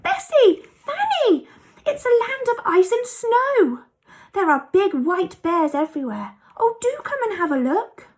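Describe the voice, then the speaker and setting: Storybook boy, eager and bold, bright raised voice, read by a woman, touch of gravel. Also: high voice, lively intonation, moderate pace, exaggerated voice. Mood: excited. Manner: eager, exclaiming.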